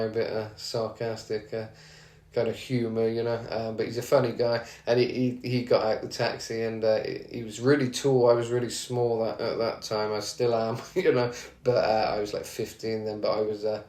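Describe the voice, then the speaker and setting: Low, flat-voiced man telling stories. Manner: rambling, chatty, frequent fillers and restarts. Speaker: radio show host. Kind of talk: casual anecdotal storytelling. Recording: roomy echo.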